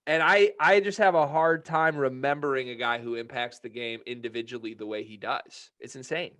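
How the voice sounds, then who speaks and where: A man's voice: medium pitch, moderate pace, a bit bright. A young man co-hosting a casual sports podcast, talking in a fired-up, profane ranting manner. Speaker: podcast co-host.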